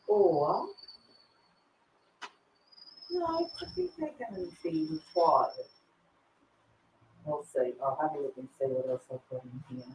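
A woman's voice: low voice, expressive, slow pace, long pauses, warm tone, slight background noise, low-quality recording. A woman chatting casually to viewers and herself while she works on a craft project. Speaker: craft video host.

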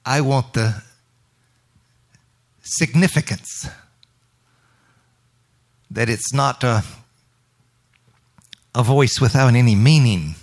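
Male minister, unhurried reflective sermon delivery, mid-pitched voice, quotes scripture. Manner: slow, reflective, scripture quoting. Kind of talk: spontaneous sermon during worship.

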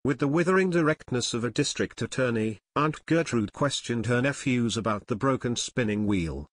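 A man narrating an unabridged audiobook in a steady, measured storytelling manner. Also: mid-range voice.

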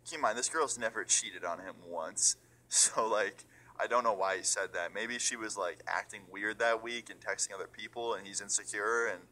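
A man's voice: fairly low pitch, normal speed, pushed and bright. A young man telling a storytime vlog in a chatty, swearing way, acting out what people said. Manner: chatty, swearing, acts out quotes. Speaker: storytime YouTuber.

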